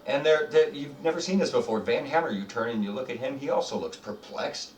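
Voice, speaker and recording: A man running a tabletop game as game master, narrating in a chatty, halting way with many fillers. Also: mid-range voice, slight background noise. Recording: roomy, distant mic, faint music.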